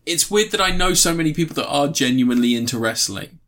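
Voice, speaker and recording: A man's voice: a little high, expressive, fast talker, fairly bright tone. A man co-hosting a casual chat, rambling with many fillers and restarts.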